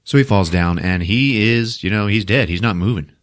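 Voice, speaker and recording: A man hosting a podcast, recapping a movie with lots of swearing and laughter, jumping into loud shouted character voices. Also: lowish voice, normal speed. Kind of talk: animated comedic movie recap.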